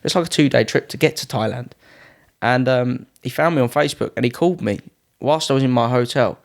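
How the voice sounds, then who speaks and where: A gravelly, mid-range voice belongs to a young British man in his twenties, a Muay Thai fighter guesting on a podcast and talking a little fast. His anecdotes are casual and lively, with other people's lines acted out in a raised voice.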